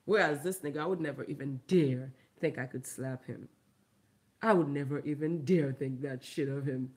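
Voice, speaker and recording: A woman from Haiti, a vlogger and comedian, ranting loudly and emphatically with a lot of laughter. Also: moderate pace. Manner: loud, emphatic, profane, laughing, big pitch swings. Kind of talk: ranting commentary vlog.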